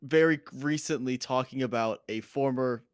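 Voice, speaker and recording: A man's voice: medium pitch, normal speed, smooth, dry recording, clean studio sound. A man in his twenties co-hosting a casual recap podcast, chatty and laughing often. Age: 20s. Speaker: podcast co-host.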